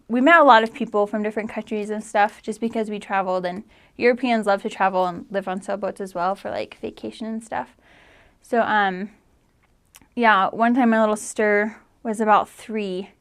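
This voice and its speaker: A woman in her twenties telling family stories in casual chat, full of "like" and lively quoted voices. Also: mid-range voice, clean tone. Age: 20s. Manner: chatty, lots of "like", animated quoting. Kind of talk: casual storytelling.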